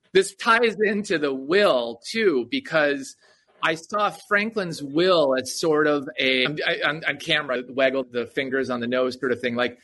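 Slightly high and a bit bright, the man's voice carries his eager explanations as an author guest on a podcast. It's a conversational interview, and he frequently adds "right?" to his points.

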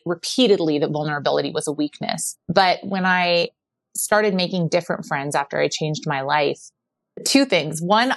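Middle-aged woman guest on a podcast, lowish voice, super candid and animated, dry close sound. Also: dry recording. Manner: candid, animated storytelling with many "like"s. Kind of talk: personal conversation.

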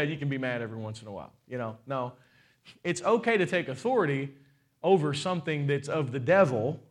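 A man in his forties preaching a sermon as pastor, asking the crowd rhetorical questions with lively swings in pitch and loudness and playful asides. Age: 40s.

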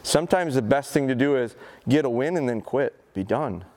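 Male dog trainer, live seminar demo; animated pitch, plain talk, lots of "come on, good boy" coaxing. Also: normal speed. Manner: coaxes a dog with short repeated commands and praise; talks plainly to the audience with rhetorical questions. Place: event seminar in front of an audience.

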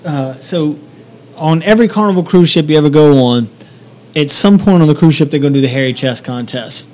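Profane, storytelling man, slightly high voice. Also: a little fast, darkish tone. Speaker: podcast co-host. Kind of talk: casual chat, storytelling.

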